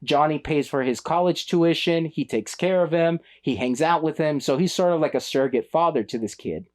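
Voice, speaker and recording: A man's voice: fairly high pitch, normal speed. A man co-hosting a podcast, chatting casually about a cult film and acting out its lines in funny voices. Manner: animated, acts out movie lines in funny voices. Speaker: podcast co-host. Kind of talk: casual film review chat.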